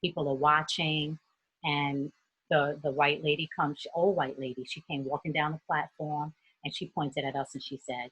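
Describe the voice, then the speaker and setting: Very husky low-voiced woman. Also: moderate pace, no room sound, low-quality recording. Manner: earnest, steady storytelling. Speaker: youth mentor. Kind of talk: personal story in a group discussion.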